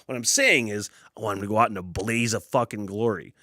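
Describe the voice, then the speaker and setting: A man hosts his own solo podcast from a basement studio, rambling through stories full of swearing and laughing at himself. His voice is on the low side and a little fast, and the recording is dry.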